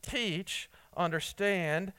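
A man preaching an earnest sermon, halting often with restarts and fillers as he reads and explains scripture. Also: high voice, bright, forceful tone, clear, resonant tone. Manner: reads scripture and quotes aloud. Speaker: pastor.

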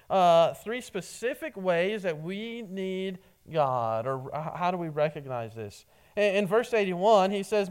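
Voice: mid-range voice, darkish tone, clear, resonant tone. A preacher giving a sermon, often stumbling and repeating words as a phrase begins.

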